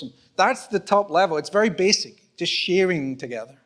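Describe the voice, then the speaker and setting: A Scottish pastor with a high, expressive, slightly bright voice preaches a conversational sermon in a church auditorium, speaking fairly quickly with few pauses. He acts out little exchanges and jokes at his own expense.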